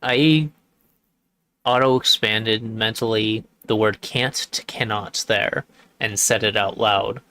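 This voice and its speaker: A man streaming a game who thinks aloud in casual commentary and pauses often. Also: fairly low pitch, fairly even intonation, pushed and bright.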